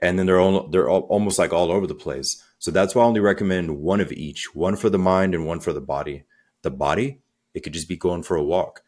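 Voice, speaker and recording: Deep-voiced energetic male coach. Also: fairly quick. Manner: energetic, conversational, acts out quotes. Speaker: guest, transformational coach. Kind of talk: podcast interview.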